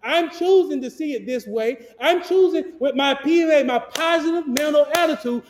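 A very high-voiced man preaches as pastor, projecting hard since there is no microphone, and keeps tossing questions for the congregation to finish. His sinuses and ears are stuffed up. The sound is an echoey church hall with a long ringing reverb. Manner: projecting loudly without a microphone, call-and-response questions. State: clogged ears and sinus trouble. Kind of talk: sermon. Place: church sanctuary.

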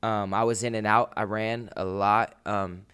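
A man telling his faith testimony in casual chat, halting and full of fillers. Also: fairly low pitch, flat delivery, a bit bright, clean tone. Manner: halting, with many "you know" fillers. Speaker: guest sharing testimony.

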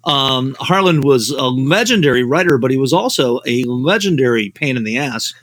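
A man's voice: medium pitch, lively intonation, normal speed, fairly bright tone, dry recording. A man, a novelist and screenwriter, telling rambling anecdotes as a podcast guest, full of "you know" fillers.

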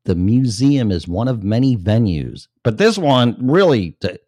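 A man's voice: mid-range voice, big pitch swings, unhurried, dark tone, no room sound. A man from Illinois, hosting his own show, reading news stories aloud and breaking off into blunt, profane, sarcastic rants. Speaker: podcast host. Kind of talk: reading news with ranting commentary.

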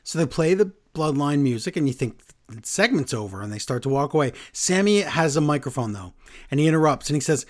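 A man casually recapping wrestling with animated storytelling, slipping into quick quoted voices. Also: on the high side.

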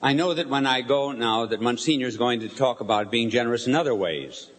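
An older man, a bishop, preaching a sermon to a live audience, telling a story with lively questions to the crowd. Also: medium pitch, a little fast. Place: large hall before a live audience. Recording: long hall reverb.

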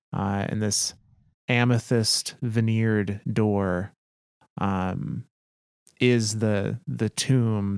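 A man co-hosting a podcast, reading game lore aloud and discussing it in a measured way with many fillers. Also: on the low side, smooth, no echo, clean studio sound. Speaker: podcast co-host.

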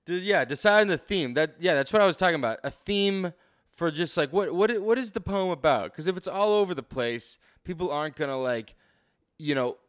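A man's voice: on the high side, animated, brisk, clear, resonant tone. A man co-hosting a casual comedic podcast, explaining things in a loose, rambling way. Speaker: podcast co-host.

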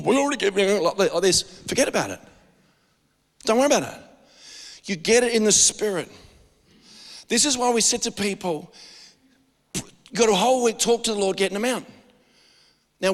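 A man with an Australian accent preaching a sermon as pastor, animated and joking, with frequent restarts. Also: sits high, big-room sound.

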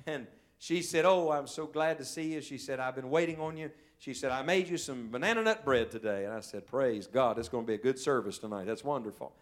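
A male evangelist preaching a sermon in a church service, telling stories and swinging from loud, urgent calls to quiet, hushed moments. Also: medium pitch, brisk, few pauses. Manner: storytelling preacher, swells loud then drops to a hush.

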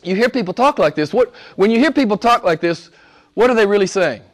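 A middle-aged man, a pastor preaching a sermon, swinging from loud emphatic lines to soft low asides. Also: animated, fairly quick.

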